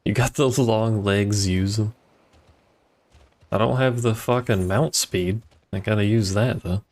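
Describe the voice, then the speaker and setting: Man, gravelly voice, low pitch, casual game commentary, sarcastic grumbling. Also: fairly even intonation, a little slow, darkish tone. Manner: wry, grumbling, swears casually. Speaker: game streamer.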